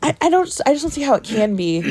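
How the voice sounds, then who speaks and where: A woman with a cold-stuffed nose recaps a timeline for a casual podcast, pausing often to ask "okay?" and "right?". Her voice is dry and close, with no room sound around it. She was recorded on a phone in a small cabin. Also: high voice, very animated, a little mellow, dry recording. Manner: recounts a timeline step by step, checking in with "okay?" and "right?". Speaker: podcast co-host. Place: ship cabin on vacation.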